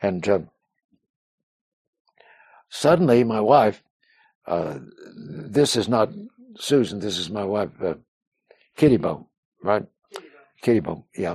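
A man with a mellow, warm voice tells a personal story in an interview, circling back with restarts and "uh"s. He slips into the voices of other people as he quotes them. The sound is close and dry, with no room around it. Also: deep voice, moderate pace, long pauses, husky, dry recording. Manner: rambling, with frequent restarts and "uh" fillers. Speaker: interview guest.

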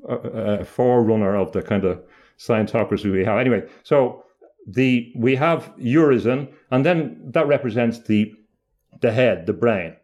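A man with an ordinary mid-range pitch talks as an interview guest. He thinks aloud, pausing with "uh" and restarting phrases as he works through an idea. The delivery is reflective and unhurried in spirit. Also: darkish tone, highs cut off. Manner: thoughtful, halting, often restarts mid-phrase. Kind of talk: reflective conversational explanation.

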